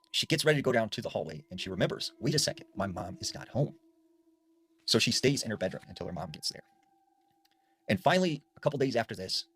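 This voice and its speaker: Husky guy telling a scary story, chatty, does the voices. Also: lowish voice, fairly bright tone, dry recording. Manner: conversational, acts out the quoted lines.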